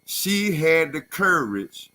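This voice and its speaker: Bright-voiced man making emphatic points. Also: on the high side, slow pace. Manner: emphatic, animated storytelling. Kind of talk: opinionated radio talk.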